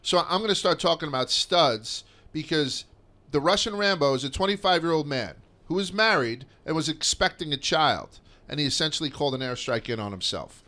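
A man's voice: a little high, lively intonation, brisk, pushed and bright. A man in his thirties hosting a podcast in a casual, rambling way, swearing freely and using plenty of fillers. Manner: rambling, profane, with lots of fillers. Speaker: podcast host.

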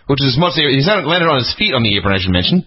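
A man's voice: medium pitch, very animated, very fast, slightly rough. A man co-hosting a podcast, making dry, sarcastic remarks while reviewing wrestling TV. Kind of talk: casual comedic review chat. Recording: dull lo-fi podcast audio.

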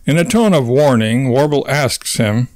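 A man's voice: mid-range voice, lively intonation, moderate pace, darkish tone, no echo. Man narrating a comic novel, dry and close. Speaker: audiobook narrator. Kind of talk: scripted audiobook narration.

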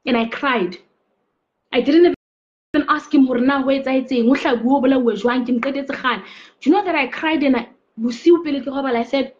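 Earnest South African woman, high voice. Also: a little fast, darkish tone, lo-fi sound. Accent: South African, mixing English and Sesotho. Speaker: faith speaker. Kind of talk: personal testimony and preaching.

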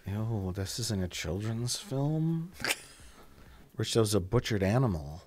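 A man hosting a casual movie commentary, sarcastic and jokey, reacting out loud to what is on screen. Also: lowish voice, animated, takes it slowly. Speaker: film commentary host.

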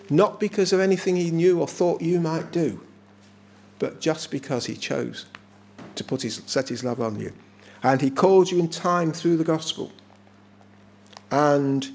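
Gravelly English preacher, emphatic sermon. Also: male voice, fairly high pitch, darkish tone. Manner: emphatic, often slowing to stress words. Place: small village chapel.

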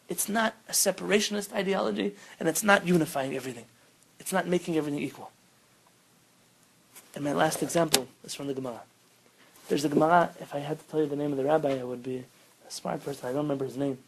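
A man, a rabbi, teaching an informal Torah class, telling stories with lively bursts of emphasis and sprinkling Hebrew terms into his English. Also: a little high, fast, creaky, slightly rough, low-quality recording. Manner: animated storytelling, rising loud when quoting.

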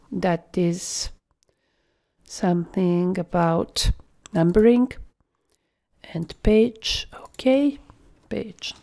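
A woman giving a screen-recorded software tutorial, thinking aloud as she works and dropping into half-whispered asides. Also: mid-range voice, vocal fry. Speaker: software trainer.

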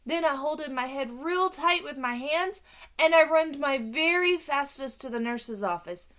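A woman's voice: high-pitched, lively intonation, a little slow, fairly bright tone. A woman narrating a children's audiobook in a playful, childlike first-person voice.

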